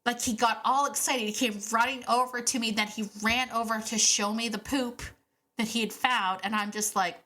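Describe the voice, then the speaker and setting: A woman hosting a dog training podcast, telling stories in a chatty, animated way with laughs and fillers. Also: fairly high pitch, moderate pace. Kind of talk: casual podcast monologue.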